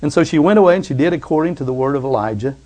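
A man preaching a sermon, emphatic, swinging from loud exclamations to hushed reassurance and calling for amens. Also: a little high, animated, racing. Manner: asks the congregation for amens.

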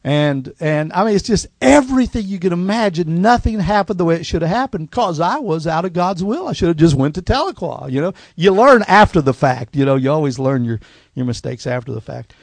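Gravel-voiced preacher, middle-aged guy, folksy testimony, dry close sound. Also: on the high side, animated, fairly quick, no room sound. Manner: folksy storytelling, drops to a hushed voice at emotional points. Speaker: pastor. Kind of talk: personal testimony sermon.

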